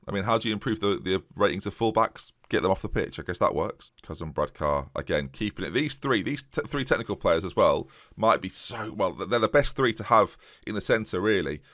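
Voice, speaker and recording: A man with a fairly low voice and a sore throat commentates on his football management game for his viewers. He talks fast and excitably, stumbling into restarts as the match swings, and sounds close and dry on a desk microphone with no room sound. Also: no room sound. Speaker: gaming YouTuber. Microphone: USB desktop microphone.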